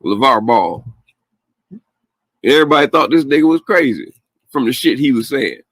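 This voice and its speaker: A man's voice: medium pitch, lively intonation, normal speed, fairly bright tone, no echo, poor audio. A man hosting a podcast, ranting bluntly in casual slang with heated asides and frequent laughs. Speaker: podcast host. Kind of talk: casual profane rant.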